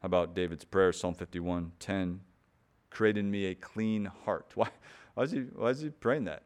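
Earnest preacher with a smooth, low voice. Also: male voice, moderate pace. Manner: earnest, emphatic, rising in force on key points with repeated words. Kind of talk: sermon.

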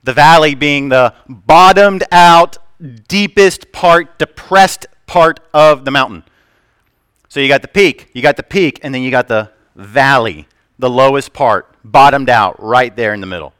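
A man preaching a sermon to a congregation, swinging between loud declarations and hushed asides, telling stories with humor. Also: mid-range voice, unhurried, clean tone, dry recording. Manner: storytelling with humor. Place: church.

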